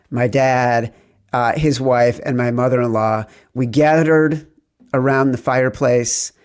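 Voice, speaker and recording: A middle-aged man hosts a sports betting podcast with playful, excitable energy. His voice sits at an ordinary pitch, and he stretches some words into sing-song calls before rattling on quickly. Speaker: podcast host.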